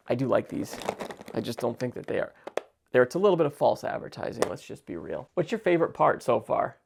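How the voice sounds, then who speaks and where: Gravelly sarcastic man chatting while drawing. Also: medium pitch. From United States. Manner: sarcastic, jokey, talks to himself. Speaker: visual artist. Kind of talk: stream-of-consciousness drawing vlog.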